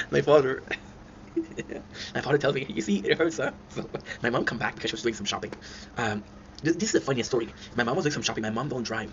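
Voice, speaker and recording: A man telling rambling childhood stories to his viewers, often breaking into laughter. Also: medium pitch. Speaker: channel host. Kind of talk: casual storytelling. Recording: dull lo-fi sound with clear noise.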